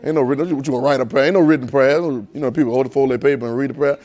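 A man preaching a sermon, telling a childhood story with lively, animated delivery. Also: mid-range voice, rapid-fire. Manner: animated storyteller, rising to excited near-shouting.

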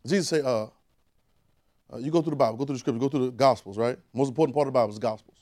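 Speaking rapid-fire in a mid-range voice, a man delivers a conversational sermon, repeating phrases and building to shouted calls.

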